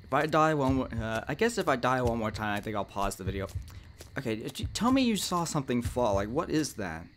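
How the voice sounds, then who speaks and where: At a medium pitch with wide swings up and down, a young man hosting a gaming channel narrates a horror game let's play at a fairly quick pace. Faint hiss or hum runs underneath as he jumps at scares, argues with the monster, laughs nervously and yelps suddenly.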